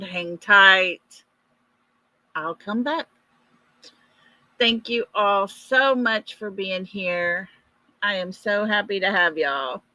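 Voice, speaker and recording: A woman, hosting a casual live stream and chatting warmly with viewers by name. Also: medium pitch, no echo, lo-fi sound. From East Texas.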